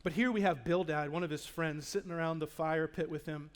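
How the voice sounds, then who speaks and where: Pastor guy, high voice for a man, real dramatic sermon, goes quiet then loud, talks right to the crowd. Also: fairly even intonation, a little fast. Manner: dramatic, acts out the speakers in the story he preaches on; swings from hushed to loud, speaks directly to the congregation. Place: church in front of a live congregation.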